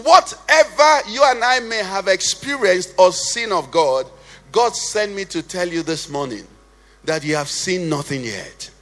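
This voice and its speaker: A man preaching and leading prayer in church, with a passionate sing-song delivery that rises to shouts and falls to a hush. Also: high voice, expressive, measured pace. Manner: impassioned, sing-song cadence, swells to shouts then drops to hushed prayer. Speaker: pastor. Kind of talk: sermon and led prayer. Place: church sanctuary. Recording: reverberant church hall with faint music.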